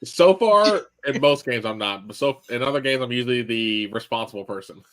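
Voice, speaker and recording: A man's voice: mid-range voice, expressive, a little fast, a bit bright. A man playing in a tabletop role-playing game, laid-back and joking. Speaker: player. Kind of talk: casual chat at a game table.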